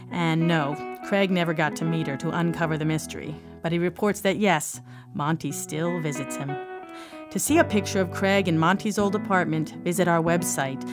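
A woman radio host reading scripted narration calmly and measuredly into a studio mic. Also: fairly low pitch. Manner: calm, measured announcing. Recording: radio voice-over over guitar music and crowd.

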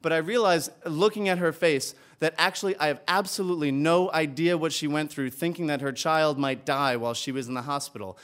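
A man telling an earnest, animated personal story on a stage before a live audience. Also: a little high, brisk, hardly any pauses.

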